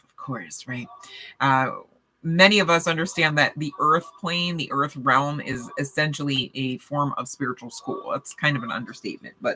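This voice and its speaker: Low, bright-toned chatty woman reader. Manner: animated, chatty, laughing asides. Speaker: tarot card reader. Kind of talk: casual chatty reading to camera.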